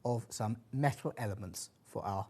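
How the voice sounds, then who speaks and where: A man presenting a tool demonstration in a measured, explanatory way. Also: lowish voice, mellow, breathy edge. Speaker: product demonstrator.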